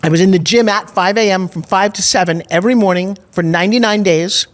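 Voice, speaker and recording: Speaking a little fast at a medium pitch, this middle-aged woman is a guest on a podcast recorded in a Nashville studio. She shares a personal story with candor and emphasis, voicing what she used to think.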